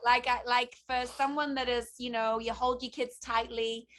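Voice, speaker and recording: A woman's voice: fairly high pitch, flat delivery, moderate pace, fairly bright tone. A woman in her forties, a guest on a radio interview, speaking reflectively and repeating key phrases.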